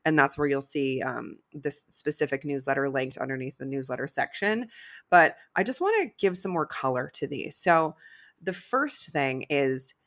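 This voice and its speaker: A woman's voice: extremely low pitch, animated, moderate pace, a bit bright. A middle-aged woman hosting her own podcast, talking candidly and casually, swearing freely and getting emotional. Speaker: podcast host. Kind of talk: casual solo podcast talk.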